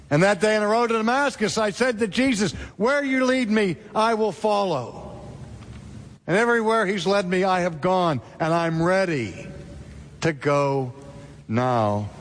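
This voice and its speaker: A man's voice: on the high side, slight background noise. A man preaching who voices the apostle Paul as a resolute, impassioned man, speaking earnestly and emphatically.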